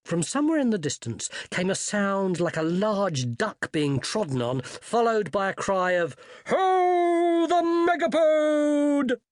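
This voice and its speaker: An audiobook narrator giving lively scripted narration of a comic fantasy novel. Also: medium pitch, moderate pace, few pauses, no room sound.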